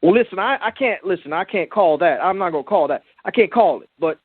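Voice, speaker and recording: A brash, boastful man with a very high voice talks tough in heavy slang. He is calling in over a tinny phone line, and the sound is dry and close with no room around it. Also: animated, fast talker, husky, no echo. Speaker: caller.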